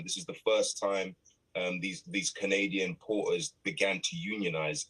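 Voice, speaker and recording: A British man in his thirties chats playfully on a morning show. His voice sits low, with a husky edge. He often restarts his sentences. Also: a bit bright, low-quality recording. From Britain. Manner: playful, easygoing, with many restarts. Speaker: actor and producer guest. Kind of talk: casual chat.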